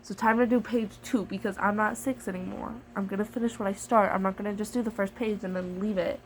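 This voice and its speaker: A woman's voice: medium pitch, fairly even intonation, quick pace, a little hiss or hum, rough recording. A woman vlogger in casual chat to camera, chatty, jokey and playfully dramatic as she reviews a storybook device.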